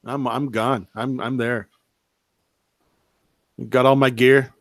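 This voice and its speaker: A man's voice: medium pitch, flat delivery, slow, no room sound. A man co-hosting a podcast, joking around with stammering restarts. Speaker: podcast co-host. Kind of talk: casual chat.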